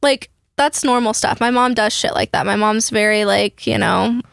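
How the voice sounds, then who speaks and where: A young woman telling a travel story in an animated, swearing, quick way as a podcast host. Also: on the high side, gravelly, clear, resonant tone, no echo, studio quality. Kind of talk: casual storytelling chat.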